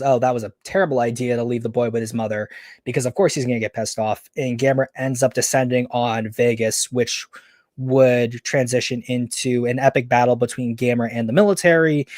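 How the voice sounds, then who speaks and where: Man, podcast host, casual story pitch, mid pitch, dry close sound. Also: a little mellow, no echo.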